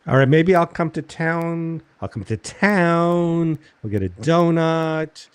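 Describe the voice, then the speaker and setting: A male comedian telling anecdotes in a deadpan, exasperated casual chat. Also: on the high side, takes it slowly, clear, resonant tone, no echo. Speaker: comedian, show host.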